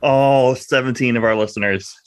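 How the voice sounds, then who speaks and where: A young adult man jokes through casual podcast banter, his pitch lively and moving. He laughs loudly and readily at the stories around him. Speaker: podcast co-host.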